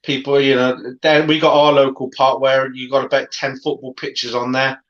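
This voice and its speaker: A man's voice: medium pitch, little pitch movement, normal speed. Blunt man with a dull, lo-fi sound. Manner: blunt, storytelling, swears casually. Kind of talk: casual banter.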